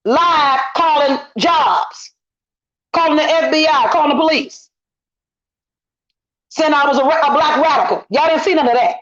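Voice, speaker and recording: Sitting high with a fairly bright tone, this middle-aged guest's voice carries her indignant venting on a casual online commentary chat. She repeats her points emphatically, and the recording comes through lo-fi and dull.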